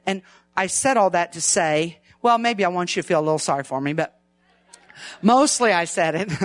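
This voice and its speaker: Older woman, church sermon, folksy and lively, bright tone. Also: dry recording. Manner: lively, folksy, pitch rising with emphasis. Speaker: visiting preacher.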